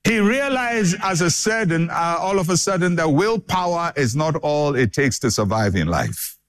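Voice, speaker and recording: A man's voice: a little high, animated, moderate pace. A man preaching a sermon with dramatic emphasis and repeated phrases for effect.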